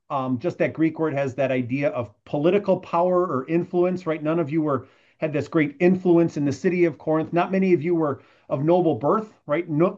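A man gives a conversational, verse-by-verse Bible teaching, often tagging his points with "right?" as he explains. His voice is a little high and a little mellow, and the sound is lo-fi.

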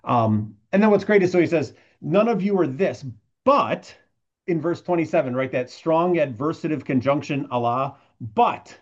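A man's voice: on the high side, animated, moderate pace, dull audio. A man giving a conversational verse-by-verse Bible teaching, often checking in with "right?" as he explains. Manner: conversational, tags points with "right?".

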